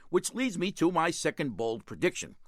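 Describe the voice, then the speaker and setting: Older man with a Boston accent, laughing radio host; bright, animated, dry studio. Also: on the high side, moderate pace, no echo. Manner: jokey storyteller, laughs often, repeats words. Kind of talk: radio call-in show banter.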